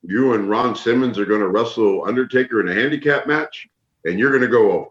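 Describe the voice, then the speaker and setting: A middle-aged man from the northern United States telling animated stories as an interview guest, acting out what others said. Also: lowish voice, fast talker, echoey room. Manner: animated storyteller, acts out quotes. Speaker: interview guest, former wrestler. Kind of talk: casual storytelling. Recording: dull lo-fi sound.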